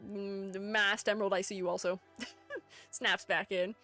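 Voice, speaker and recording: A woman's voice: mid-range voice, level tone, moderate pace, bright, forceful tone, faint music behind. A woman streamer in casual livestream chat, playful and chatty, reading her viewers' messages aloud and answering them. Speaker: streamer ranking game character designs.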